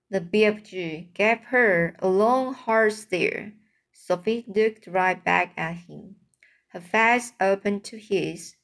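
A woman reading a children's book aloud, slowly and carefully. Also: mid-range voice, a bit bright. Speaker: reader.

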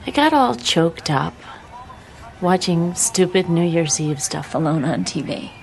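A woman's voice: on the low side, animated, a little slow, gravelly, slight background noise. An actress playing a lonely woman who calls a friend at night and is close to tears, in a film clip. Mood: choked up.

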